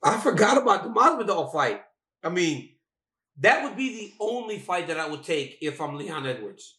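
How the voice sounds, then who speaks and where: A man's voice: sits high, big pitch swings, normal speed, bright, forceful tone. A man co-hosting a fight talk show over a video call from a hotel, teasing and joking in a loose, repetitive way. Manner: playful, teasing, repeats himself, laughs often. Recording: echoey room.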